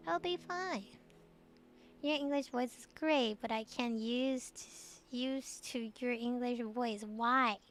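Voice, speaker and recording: A woman's voice: a little high, slow pace, a bit bright, faint music behind. A woman from Taiwan, a native Mandarin speaker, chatting casually late at night on her stream, laughing often and answering chat messages.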